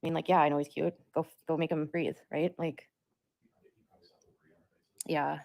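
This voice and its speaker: A woman's voice: deep voice, flat delivery, normal speed, vocal fry, darkish tone. A woman talking on a livestream in a rambling, repetitive way, with lots of "like". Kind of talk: livestream monologue.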